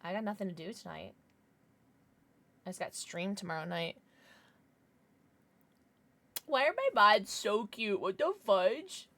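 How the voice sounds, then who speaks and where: A young woman streaming live, chatting casually with her chat, thanking viewers and squealing with excitement. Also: mid-range voice, a little slow, pauses often.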